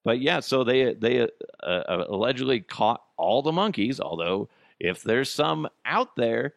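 A man giving a profane comedic rant about the news, sarcastic and animated, jumping into high mocking voices. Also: measured pace, creaky, dry recording, clean studio sound. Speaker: comedic commentary host.

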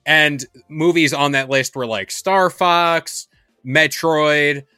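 A man with a bright, forward voice chats casually as a podcast co-host. He sounds relaxed and fills his talk with "like". The recording is dry and close. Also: fairly high pitch, takes it slowly, smooth, dry recording, faint music behind. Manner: relaxed, with many "like" fillers. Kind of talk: casual chat.

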